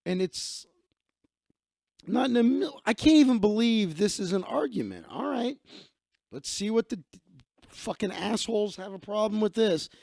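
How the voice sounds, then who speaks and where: A man's voice: high voice, lively intonation, moderate pace, gravelly, pauses often, a little mellow, dry recording, clean studio sound. A man hosting a live stream, reading news stories aloud and ranting bluntly with heavy profanity.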